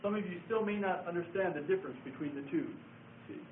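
A man with a fairly high voice gives a patient, step-by-step lesson, repeating his key words. He sounds distant and echoey, as if taped from the back of a room. The sound is thin and phone-like, with a faint hiss underneath. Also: fast. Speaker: Bible study teacher. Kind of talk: classroom lecture with board writing.

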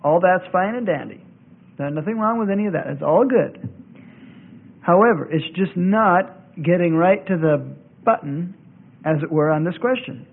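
Bible teacher, male, high voice, insistent and repetitive, narrow phone-like old tape. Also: animated, normal speed, vocal fry. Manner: argumentative, repeats points for emphasis. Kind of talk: classroom lecture.

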